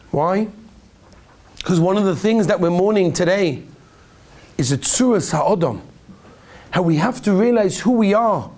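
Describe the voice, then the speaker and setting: A rabbi delivers an emotional sermon in a strikingly high voice for a man. He tells stories feeling, and his pitch climbs and drops as he goes. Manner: emotional storytelling, pitch rising and falling widely.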